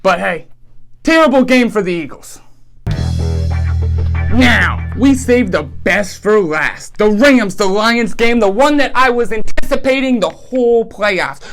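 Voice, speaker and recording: A man's voice: high voice, expressive, unhurried, fairly bright tone, faint music behind. A man hosting a comedic football betting recap, ranting animatedly and throwing out rhetorical questions. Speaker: sports betting show host.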